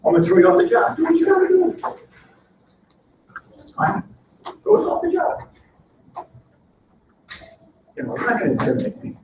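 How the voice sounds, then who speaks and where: A man leads a live workshop in a high, animated voice, acting out back-and-forth dialogues as he teaches. He is recorded from a distance in an echoey meeting room. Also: quick pace, narrow, tinny audio, noisy background. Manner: animated, acts out workplace dialogues. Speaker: workshop trainer. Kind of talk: live training seminar. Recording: echoey room, mic far off.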